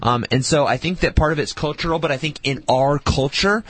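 Husky-voiced man, mid pitch, dry. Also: brisk, fairly bright tone, no echo. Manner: earnest, steers the discussion with examples. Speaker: co-host. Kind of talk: casual podcast chat.

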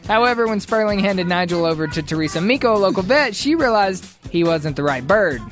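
Co-host, reads offbeat news, joking asides, middling pitch, faint music behind. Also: lively intonation, a little fast. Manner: joking asides while reading. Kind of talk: reading news stories with banter.

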